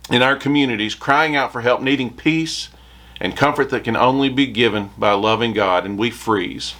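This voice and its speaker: A man's voice: mid-range voice, fairly bright tone. A man preaching a short devotional sermon, reading scripture aloud with rising emphasis.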